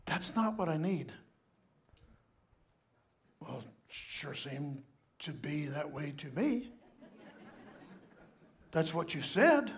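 Delivering a sermon, this older male pastor has a high, light voice and is very animated, speaking slowly with long pauses. His storytelling shifts from hushed passages to loud, emphatic bursts.

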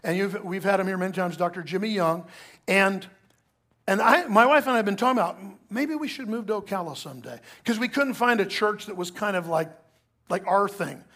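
High-voiced preaching male pastor. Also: fairly quick. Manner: storytelling, lively preaching with asides to the congregation. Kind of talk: sermon.

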